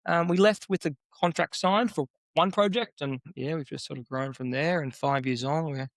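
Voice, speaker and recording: An Australian man in his thirties, a builder, telling his story in an easygoing, relaxed interview chat. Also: fairly high pitch, moderate pace, no room sound. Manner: laid-back, easygoing, with many fillers. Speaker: builder, podcast guest.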